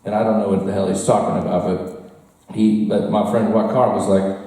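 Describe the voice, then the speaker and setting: A man telling a live comic story to a bar audience, animated and laughing as he goes, chatting with the crowd. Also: fairly low pitch, moderate pace. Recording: roomy echo, mic far off.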